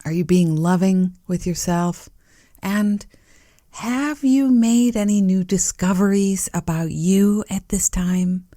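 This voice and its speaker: A woman hosting her podcast, talking gently and reflectively to her listeners with playful asides. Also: mid-range voice, takes it slowly, no room sound. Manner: soft, warm-hearted, musing, with playful asides and small laughs. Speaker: podcast host.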